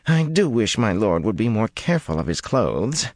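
A man's voice: on the low side, big pitch swings, normal speed, no echo, studio quality, pitched above the performer's own voice. A man voicing a prim, fussy manservant who murmurs in melancholy tones.

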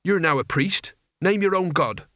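A man's voice: sits high, expressive, normal speed, pushed and bright, dry recording, clean studio sound, voice pushed up. A man voicing a desperate, worn-out young hero who mutters and snaps. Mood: weary. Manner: weary, muttering, then fierce.

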